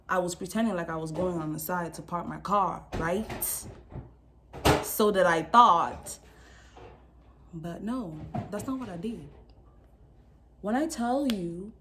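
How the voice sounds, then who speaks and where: A young woman telling a casual storytime vlog, animated and full of slang, acting out quotes with laughs. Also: mid-range voice. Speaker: vlogger.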